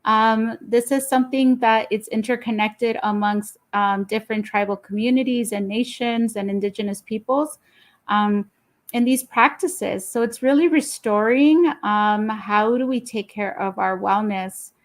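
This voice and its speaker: Woman co-host, calm and informative, a bit higher pitched. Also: a little slow. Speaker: wellness event co-host. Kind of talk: educational wellness talk.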